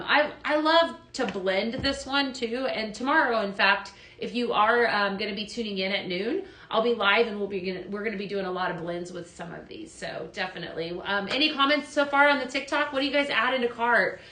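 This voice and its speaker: A woman's voice: mid-range voice, moderate pace, hardly any pauses, bright, forceful tone. A woman hosting a live shopping stream, chatty and upbeat, greeting viewers by name as she demonstrates products. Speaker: host of a live shopping show. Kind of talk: live product demo selling chat. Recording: echoey room.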